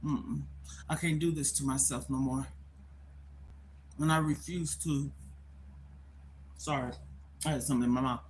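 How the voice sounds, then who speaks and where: This middle-aged woman's voice is extremely low, steady, fairly quick and a little mellow as she talks candidly on a live stream from her phone. Worried and nearly in tears, she rambles and repeats herself, and some hiss or hum is present.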